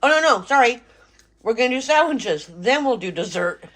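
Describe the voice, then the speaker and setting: A woman's voice: fairly high pitch, animated, normal speed, fairly bright tone. A middle-aged woman chatting enthusiastically as she cooks and tastes food in her home kitchen. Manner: chatty, enthusiastic, talks with mouth full. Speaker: cooking vlog host. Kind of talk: casual cooking chat.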